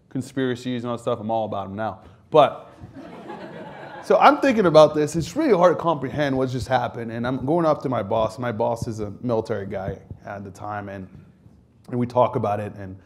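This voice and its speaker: Here the same kind of speaker, a man in his thirties who grew up in France, is an army veteran and guest author storytelling casually on stage. His voice sits at medium pitch with a moderate pace and long pauses, and he laughs a lot while performing the voices in his lively anecdotes.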